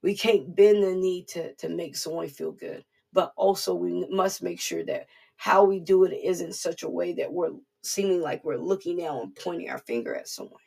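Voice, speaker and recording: A woman's voice: lowish voice, normal speed, creaky, warm tone, husky. A woman giving an informal devotional sermon in an earnest, repetitive, conversational way. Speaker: preacher.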